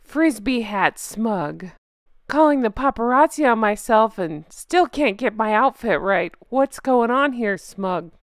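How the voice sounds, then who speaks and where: A woman hosting a sarcastic, mocking first-person commentary, snarky with drawn-out catchphrases. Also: on the high side, expressive, no echo, studio quality. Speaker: commentary channel host.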